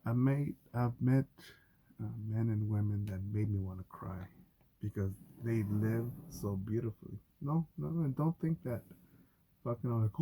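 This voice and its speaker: A man telling stories in a casual, rambling monologue, cursing often and getting animated. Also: fairly low pitch, measured pace. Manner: profane, animated storytelling. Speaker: vlogger.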